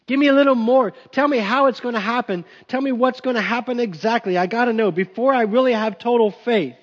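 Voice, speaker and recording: A man's voice: very high voice, fairly quick. A preacher voicing a doubting old male priest who pleads insistently, recorded dull with long hall reverb. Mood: pleading.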